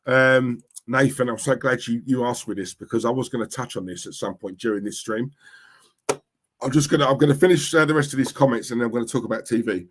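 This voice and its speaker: Talking fast at medium pitch, a young Cockney livestreamer from East London reads his chat aloud and chats casually. His manner is blunt, and he repeats himself as he goes.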